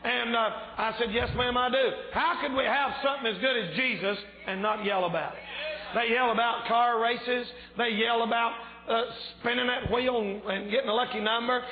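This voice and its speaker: A man preaching a fervent revival sermon in a church, shouting at times, his voice a little strained. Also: very high-pitched, steady tone, normal speed. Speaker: pastor. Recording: echoey church hall, tinny phone-like sound.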